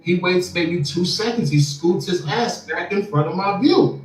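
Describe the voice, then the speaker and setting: A man telling a long story as an interview guest, animated and often repeating words as he starts sentences. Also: high-pitched, normal speed. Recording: echoey room, far from mic, faint music.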